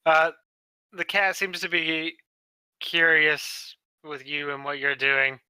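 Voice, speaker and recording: A man's voice: on the high side, slow pace, sharp tone, clean tone, dry recording, poor audio. A man narrating a tabletop game as dungeon master, with lots of hesitant fillers.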